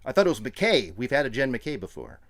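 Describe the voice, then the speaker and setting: A man co-hosting a podcast, chatting casually and jokily, breaking into quick impressions. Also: medium pitch. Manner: animated, jokey, does quick impressions. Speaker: podcast co-host. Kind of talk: casual chat.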